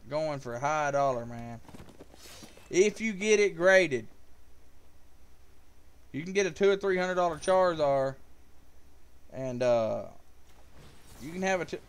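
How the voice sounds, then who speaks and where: A man's voice: a little high, smooth. A man giving casual live gameplay commentary, joking with viewers and calling out their names. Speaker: live streamer.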